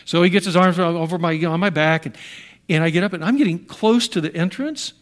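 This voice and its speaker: A man's voice: high-pitched, quick pace. An older American man preaching a sermon, telling stories animatedly with restarts and sound effects. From United States. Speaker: pastor.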